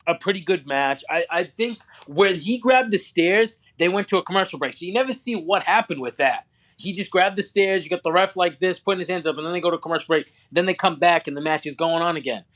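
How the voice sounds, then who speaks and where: A man with a slightly high voice co-hosts a casual wrestling recap show. He talks through his notes in a loose, rambling way, full of fillers and restarts. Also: a bit bright.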